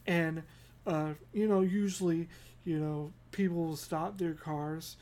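A woman's voice: deep voice, fairly even intonation, takes it slowly, dark tone. A woman hosting a podcast, telling a rambling comedic story with lots of giggles. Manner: giggly, rambling, self-mocking. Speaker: podcast host.

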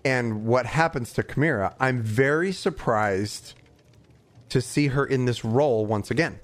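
An excitable man chats casually as a podcast co-host. He rambles through fillers and acts out his own reactions in a mid-range voice. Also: medium pitch, a little slow. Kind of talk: casual chat.

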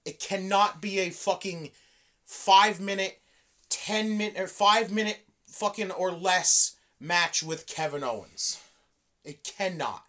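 A woman's voice: mid-range voice, slow pace. A woman co-hosting a casual wrestling chat, ranting with lots of swearing. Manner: profane, animated, ranting. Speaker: podcast co-host.

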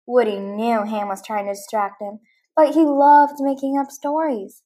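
A woman hosting an arts segment, reading a children's storybook aloud in a gentle, clear way. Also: fairly high pitch, steady tone, a little slow. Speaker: host.

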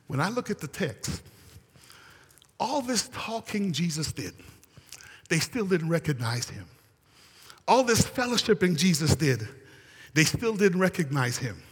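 A man's voice: fairly high pitch, breathy edge, in a large hall. A male pastor preaching a sermon, telling a story and calling out to the congregation.

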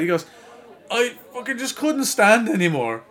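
Speaking at a moderate pace in a voice that sits high, a man with a Dublin accent spins a lengthy pub tale during a relaxed podcast conversation. He curses nonstop and lively performs the voices of the people he quotes.

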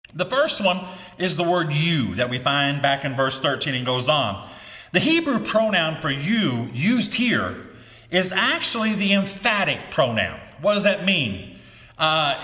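A man's voice: fairly high pitch, bright, forceful tone. A middle-aged man preaching a sermon as pastor, with emphatic delivery that rises on key phrases. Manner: emphatic preaching with rising exclamations. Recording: echoey hall with long reverb.

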